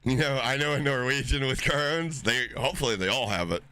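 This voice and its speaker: Guy streamer rambling to chat, cusses a lot, bright kinda forceful voice. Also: medium pitch, brisk, clear, resonant tone, no echo. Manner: loose, profane and excitable, reacting to chat. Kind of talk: casual live-stream chat.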